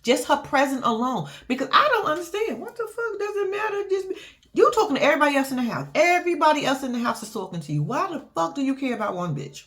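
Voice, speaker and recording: A woman's voice: high voice, sing-song, quick pace, fairly bright tone. A young adult woman giving a casual reality-show recap, blunt, profane and sassy, acting out what people said.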